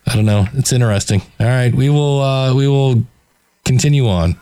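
A man's voice: medium pitch, normal speed, mellow, clear, resonant tone. A man hosting, giving sardonic, exasperated commentary on clips he plays, often stammering as he restarts sentences. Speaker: host reviewing a podcast. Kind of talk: critical commentary over played clips.

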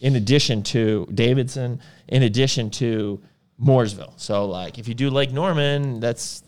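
A man co-hosting a casual podcast, talking in a relaxed, rambling way with lots of fillers. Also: mid-range voice, normal speed, clear, resonant tone. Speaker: podcast co-host, supplement store owner.

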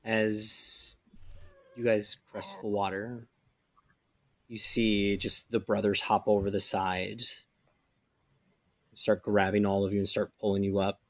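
A man's voice: on the low side, little pitch movement, takes it slowly, pauses often, dry recording, studio quality. A man running a tabletop game as game master, narrating the scene loosely with fillers.

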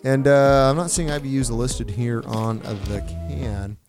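A man's voice: medium pitch, steady tone, unhurried, music in the background. A young man co-hosting a casual podcast chat, loose and profane, often laughing. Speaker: podcast co-host.

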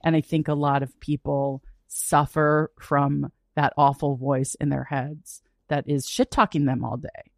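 A woman's voice: sits low, level tone, a little slow, creaky, no echo, studio quality. A woman hosting a podcast interview, candid and enthusiastic, swearing freely. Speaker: podcast host.

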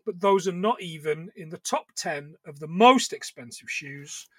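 A man co-hosting a podcast in a high, bright voice. He recaps a film with a lot of swearing and jokey asides. The sound is close and dry. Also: expressive, normal speed, husky, dry recording. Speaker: podcast co-host. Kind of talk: casual film recap chat.

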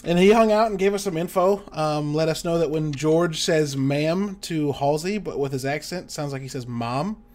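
Man, slightly high voice, tired, chatty, acts out quotes with big pitch jumps. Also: moderate pace, few pauses, a little mellow. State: tired, yawning. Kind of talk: casual storytelling chat.

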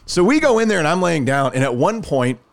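A man's voice: on the high side, fairly quick, gravelly. A man in casual podcast chat, telling a long personal story and acting out the other people's lines. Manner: animated, acts out quoted dialogue.

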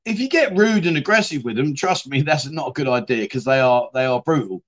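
A man's voice: medium pitch, expressive, a little fast, a bit bright. A man hosting a casual livestream, chatting and reading out viewer comments in a rambling way, often saying "mate.". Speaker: livestream host.

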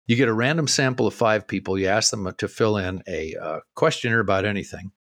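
A middle-aged man on a podcast, co-hosting and telling an animated story with a lot of laughter. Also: on the low side, fairly quick, no room sound, clean studio sound. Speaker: co-host. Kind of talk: casual storytelling.

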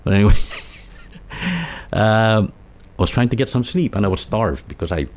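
Deep-voiced man from telling stories. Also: a little slow. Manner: rambling, animated storyteller with many restarts and quoted voices. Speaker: co-host telling ghost stories. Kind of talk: casual storytelling chat.

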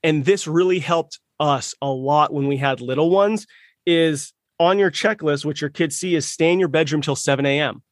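A man's voice: on the high side, no echo. Upbeat man host with a dry close sound. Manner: upbeat, quick to affirm the guest. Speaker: podcast host. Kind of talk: casual interview talk.

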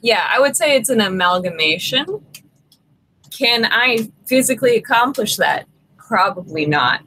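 A woman's voice: on the high side, lively intonation, measured pace, bright, forceful tone, slight background noise, poor audio. A woman player in a tabletop game, wry and joking.

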